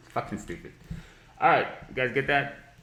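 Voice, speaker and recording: A man's voice: medium pitch, huge pitch swings, a little slow, a bit bright, reverberant, low-quality recording. A man teaching trading on a live stream, blunt and profane, mocking ideas he dislikes and breaking into laughter. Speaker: market analysis streamer.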